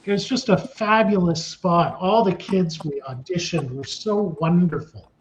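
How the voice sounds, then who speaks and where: A casting director in his sixties, telling animated stories in an interview and acting out the scenes he describes. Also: high voice, measured pace. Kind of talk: storytelling in an interview. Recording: dull lo-fi sound.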